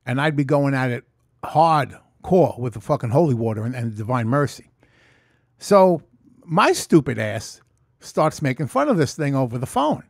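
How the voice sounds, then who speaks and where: Man, animated and swearing a lot, talking straight into a close mic, dry sound. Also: medium pitch, moderate pace, creaky, no room sound. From New York. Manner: profane, animated storytelling. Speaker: vlogger. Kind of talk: casual storytelling vlog. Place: room at home. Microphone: close mic in front.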